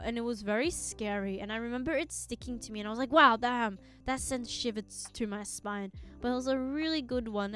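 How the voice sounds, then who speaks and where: A young woman streaming live, chatting casually to her viewers in a rambling way and giggling often. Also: a little high.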